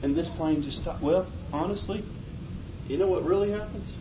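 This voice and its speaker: A man preaching a folksy, animated sermon, chuckling as he tells stories. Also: normal speed. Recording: muffled, low-fi with faint noise.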